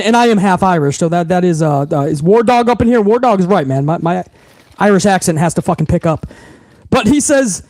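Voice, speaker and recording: A man's voice: high voice, a little mellow, no echo. A man hosting a live wrestling recap stream, talking in a profane, rambling way with frequent restarts. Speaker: wrestling show host.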